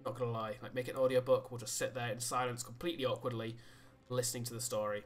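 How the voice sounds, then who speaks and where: A man streaming a game, rambling and joking while he reads the game text aloud, with sudden high-pitched exclamations. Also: level tone, fast, faint music behind. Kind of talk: casual let's-play commentary.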